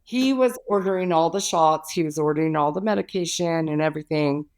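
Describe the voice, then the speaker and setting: A young woman, a podcast guest, chatting casually over a remote call and telling her story with animated, acted-out quotes. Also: low voice, fairly quick. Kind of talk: casual chat.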